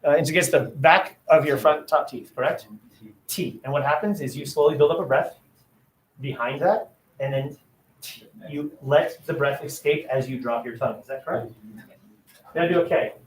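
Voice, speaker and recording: A man's voice: a little high, moderate pace, long pauses, slight background noise. A man teaching an English class, sounding out letters aloud and quizzing his students as he goes. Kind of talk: classroom lecture. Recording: roomy classroom echo.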